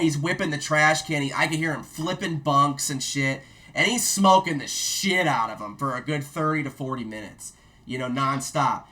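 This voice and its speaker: A man spins a profane army story in loose, casual talk. His voice has a bright, forceful edge, and he throws in loud shouted quotes as he goes. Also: a little high, moderate pace. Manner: profane, animated storyteller who mimics shouts. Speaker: guest, army veteran.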